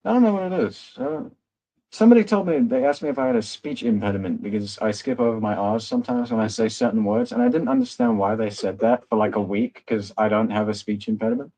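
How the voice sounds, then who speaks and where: A man's voice: medium pitch, sing-song, quick pace, creaky, mellow, low-quality recording. A young man with a rambling, self-mocking manner, hosting a casual livestream chat. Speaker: livestream host.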